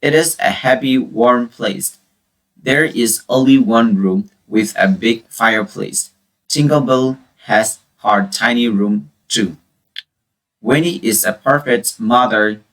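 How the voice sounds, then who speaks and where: A man reading a children's story aloud for English learners, clear and deliberate. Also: mid-range voice, fairly bright tone, distant mic, poor audio.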